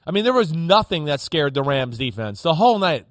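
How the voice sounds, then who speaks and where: A man with a high, bright-pitched voice breaks down football on a studio talk show, emphatic and animated as he drives each point home. His voice sits close and dry, with no room sound around it. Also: moderate pace, hardly any pauses, no room sound. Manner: emphatic, animated, acts out players' reactions. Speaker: football analyst.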